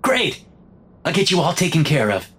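A man's voice: a little high, very animated, normal speed, noisy background, voice pushed up. A man voicing an overly friendly store clerk who is upbeat, salesy and eager to please.

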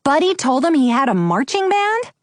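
Woman voicing a bold teen girl leader, brisk, enthusiastic, animated pitch, dry sound. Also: no room sound. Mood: eager. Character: confident teenage girl club leader, bold.

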